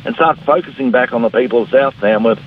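A man's voice: medium pitch, fast, breathy edge. A middle-aged Australian man, a politician giving a blunt, combative radio interview. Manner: blunt, combative, mimics opponents. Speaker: politician guest. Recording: phone-line interview audio.

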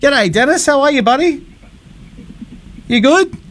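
Cheery Australian radio host, lively voice. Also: male voice, extremely high pitch, a little slow. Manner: cheery, teasing, bantering with callers. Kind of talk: upbeat radio call-in chat.

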